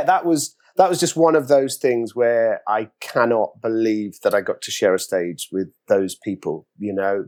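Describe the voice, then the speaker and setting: A middle-aged man with an English accent, an actor telling anecdotes in a casual interview, acting out quoted voices with big jumps in pitch. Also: darkish tone.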